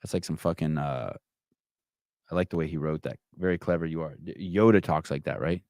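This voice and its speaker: A man's voice: a bass voice, moderate pace, vocal fry, a little mellow, no echo, studio quality. A middle-aged man hosting a live call-in podcast, brash, mocking and profane in casual chat. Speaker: podcast host.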